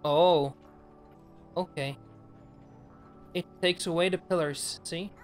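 Lady gaming on a live stream, lowish voice, bossing the moves around, bit of swearing, faint game music under her. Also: fairly even intonation, slow. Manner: practical, directs the play, swears lightly. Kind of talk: casual live-stream chat.

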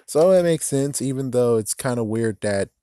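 A man's voice: medium pitch, lively intonation, normal speed, mellow, clear, resonant tone, dry recording, clean studio sound. A man giving a casual, rambling recap of a TV episode, laughing often and slipping into raised voices to mimic the characters. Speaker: video commentator.

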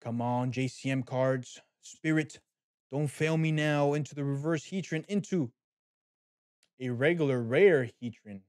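A man's voice: mid-range voice, measured pace, no echo, studio quality. A man hosting a card pack opening, talking casually and animatedly straight to his viewers. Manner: animated, chatty, talks to viewers as guys. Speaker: card-opening channel host.

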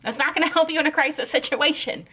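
A woman's voice: high-pitched, fast, fairly bright tone. A woman giving casual reaction commentary on an anime episode, ranting in an exasperated, sarcastic way.

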